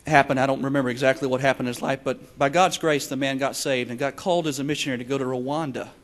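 A man preaching a sermon, swinging between shouted passages and hushed, quiet ones. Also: medium pitch, fairly even intonation, fast talker. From Texas.

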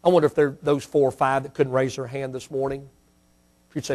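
A male pastor preaching a sermon and leading an altar call in a church, swinging from loud fiery preaching to soft pleading prayer. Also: medium pitch, steady tone, quick pace. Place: church sanctuary.

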